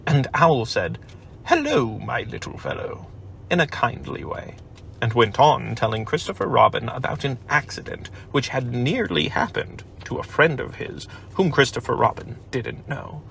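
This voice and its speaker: A man narrating a children's storybook aloud at home in an unhurried, expressive manner. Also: mid-range voice, creaky, a little hiss or hum. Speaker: audiobook narrator. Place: home, family baking nearby. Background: faint household sounds of cookie making.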